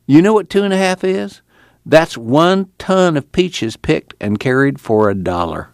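A man voicing an earnest, excitable former preacher with a rural drawl. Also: fairly high pitch, unhurried, creaky, no room sound, studio quality, pitched above the performer's own voice. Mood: urging. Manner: rural Dust Bowl drawl, impassioned.

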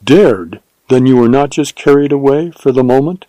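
A man's voice: medium pitch, moderate pace, warm tone, no room sound, natural voice, rough recording. A man reading an audiobook, voicing a spirited, imperious young woman in a raised, lilting voice. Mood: tender.

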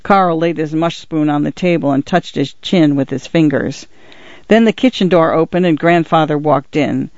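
A man narrating a story in a steady, even audiobook reading. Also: a little high, moderate pace, no room sound. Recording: dull, lo-fi dry recording.

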